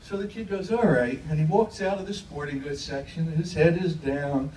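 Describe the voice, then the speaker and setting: Stand-up comic, male, high and animated, heard from a distance in an echoey club. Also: normal speed, slight background noise. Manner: animated storytelling, acts out characters' voices. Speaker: stand-up comedian. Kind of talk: stand-up joke telling. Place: comedy club stage.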